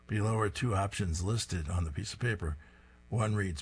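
A man's voice: on the low side, normal speed, slightly rough. A man hosting a radio reading service, reading comic strips aloud and chuckling after each punchline.

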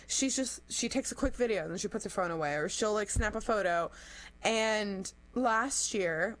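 Chatty congested woman co-host. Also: mid-range voice. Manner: chatty, heavy use of "like". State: congested from a cold. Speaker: podcast co-host. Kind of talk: casual chat.

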